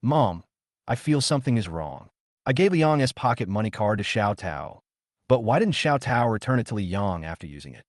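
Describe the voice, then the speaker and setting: A man's voice: fairly low pitch, sing-song, normal speed, no echo, studio quality. A man voicing an anxious, earnest young woman who pleads with her parents. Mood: pleading. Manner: pleading, urgent, trembling.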